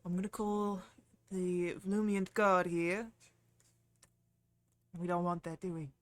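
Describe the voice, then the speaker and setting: A woman voicing a gruff, hostile male dwarf who owns a forge, talking bluntly and with threats. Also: lowish voice, steady tone, slow, no echo. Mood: irritated.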